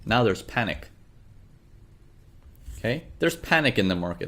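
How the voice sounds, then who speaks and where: A man's voice: lowish voice, sing-song, a little slow, pauses often, sharp tone. A man teaching a trading lesson over a chart, repeating his questions and acting out traders' worries. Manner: repeats questions, acts out traders' inner voices. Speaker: trading instructor. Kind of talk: screen-share trading lesson.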